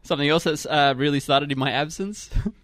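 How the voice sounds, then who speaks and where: A man's voice: on the high side, brisk, fairly bright tone, no echo. A man from Australia hosting a casual sports chat in a podcast studio, joking and reading out results. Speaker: sports segment host.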